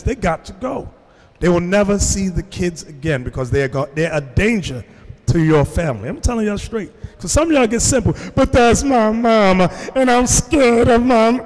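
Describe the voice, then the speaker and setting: A high-voiced man gives a sermon to his congregation, animatedly telling stories and acting out the voices of the people in them. The recording carries a long hall reverb.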